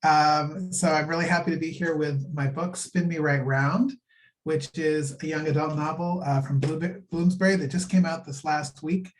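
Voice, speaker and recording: An upbeat man speaks eagerly over a video call, pitching his young adult novel with obvious excitement. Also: normal speed, slight background noise, poor audio. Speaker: guest author. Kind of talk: book pitch at a virtual event.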